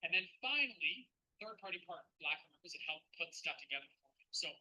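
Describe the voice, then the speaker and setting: A man's voice: high voice, animated, a little fast, bright, forceful tone, dull audio. A man, a fund manager, teaching a casual live-streamed webinar, chatty and addressing the viewers' chat.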